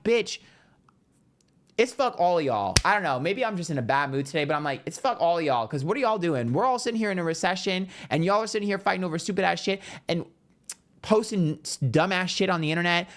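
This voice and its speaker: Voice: mid-range voice, fairly bright tone. A tarot reader ranting in a casual vlog, blunt and heated, swearing freely and talking straight to viewers.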